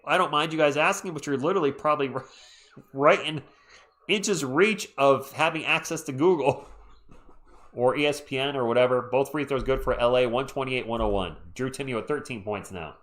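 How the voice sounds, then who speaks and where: A man with a medium-pitched, slightly bright voice and a moderate pace does casual live sports commentary on his stream. He sounds sleepy and easygoing, talking to viewers and giving chat shout-outs between plays.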